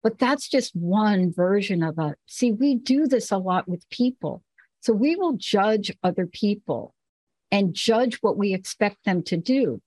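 A woman's voice: medium pitch, animated, unhurried, darkish tone, dry recording. A woman from the Bronx, hosting a show and telling candid personal stories with emphasis. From the Bronx, New York. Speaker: host. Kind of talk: casual talk-show conversation.

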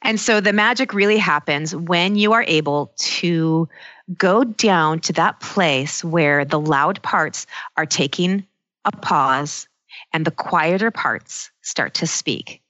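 A middle-aged woman coach speaking in an earnest, personal, reflective way, slowing down to stress her key points. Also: low voice, a bit bright, no room sound, dull audio. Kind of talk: reflective self-help talk.

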